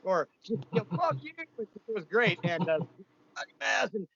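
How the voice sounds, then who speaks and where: A man's voice: high voice, lively intonation, a little slow, vocal fry, bright, forceful tone, shouting, muffled recording, a little hiss or hum. A man, a punk musician telling stories in a casual interview, blunt and profane, rambling with lots of fillers.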